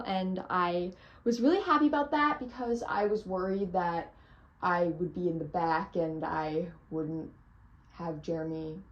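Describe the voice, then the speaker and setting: A woman's voice: mid-range voice, highs cut off. A teenage girl gushing about a theater trip, breathless and full of "like" and "oh my gosh". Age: teens. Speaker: theater fan vlogger. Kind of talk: excited storytelling.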